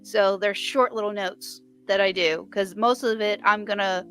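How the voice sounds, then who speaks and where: A woman's voice: mid-range voice, steady tone, moderate pace, fairly bright tone, faint music behind. A woman chatting casually about her writing on a live stream, rambling with many restarts. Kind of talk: casual chat.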